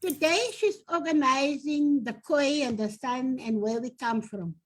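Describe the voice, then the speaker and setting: An older South African woman who leads a domestic workers' union tells earnest stories from her past as a guest in an interview, reminiscing as an animated storyteller. Her high-pitched voice moves a little slowly, and the audio is poor.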